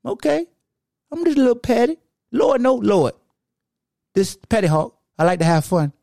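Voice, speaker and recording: A cheeky, petty alter ego, put on by a man in a raised, squeaky register, needling his other half with rapid-fire taunting questions. It is mischievous podcast banter with a dry, close sound. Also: big pitch swings, gravelly, warm tone, no echo, exaggerated voice. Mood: playful.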